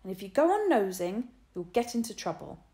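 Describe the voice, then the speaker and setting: A guarded, prickly schoolgirl, as a woman reads her aloud, sharp and defensive in her replies. The pitch stays lively. A roomy echo hangs on the voice. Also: a little fast. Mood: scornful. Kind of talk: storybook reading.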